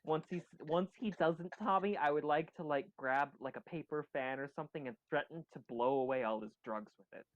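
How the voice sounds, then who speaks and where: A man's voice: fairly high pitch, fairly quick, few pauses, no echo, dull audio. A man playing a tabletop game, sounding dry and exasperated. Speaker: player.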